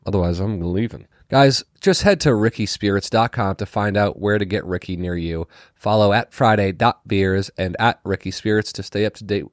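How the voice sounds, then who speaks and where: A man takes over an ad read on a comedy podcast with upbeat, salesy energy. His voice sits on the low side. The recording is close and dry. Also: moderate pace, dry recording.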